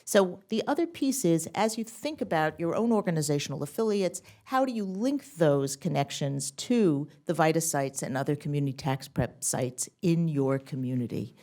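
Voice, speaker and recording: A woman's voice: deep voice, expressive, moderate pace, few pauses, dark tone. A woman hosting a policy briefing, giving earnest, upbeat welcome remarks and introducing the keynote speaker to a seated audience.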